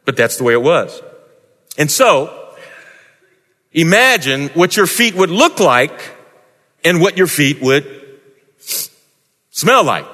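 A man's voice: a little high, sing-song, slow pace, pauses often, sharp tone. A man preaching a sermon dramatically, with wide swings in tone and emphasis. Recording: echoey hall.

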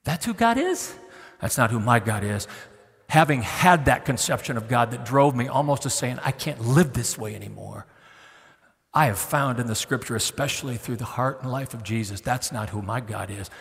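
A middle-aged man preaching a sermon as a guest preacher, swinging from loud pleading to hushed, tender near-whispers. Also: mid-range voice, animated, moderate pace. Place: church sanctuary. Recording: long hall reverb.

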